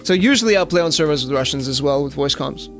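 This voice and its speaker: Young man, raspy-edged and slightly high, loose chatty gaming commentary. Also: animated, fast talker, a bit bright, soft background music. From South Africa. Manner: casual, chatty, lots of "like" fillers, addresses chat. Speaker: streamer. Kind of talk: live gameplay commentary.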